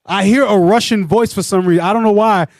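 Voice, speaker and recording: High-pitched guy teaching a bible class, animated, keeps repeating himself, dry close mic. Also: quick pace, no echo. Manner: animated, repetitive, often asks "you know what I'm saying". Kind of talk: religious teaching discussion.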